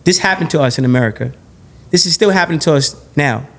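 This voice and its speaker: A man being interviewed on a podcast, talking in an animated, blunt and profane way, often repeating and restarting his phrases. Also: fairly high pitch, fast talker, vocal fry. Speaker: podcast guest.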